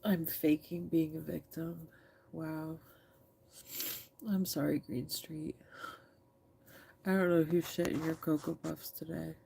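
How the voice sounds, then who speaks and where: A woman's voice: low voice, flat delivery, measured pace, gravelly, warm tone, slightly rough. A woman in her thirties, teary and frank, speaking candidly to a live chat from her phone camera and swearing freely. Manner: frank, swears freely, talks back to commenters. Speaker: livestreamer reading chat.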